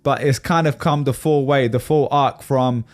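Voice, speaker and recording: A man's voice: medium pitch, steady tone, normal speed. A man co-hosting a podcast in casual chat, talking at length and laughing easily. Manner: chatty and rambling, laughs easily. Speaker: podcast co-host.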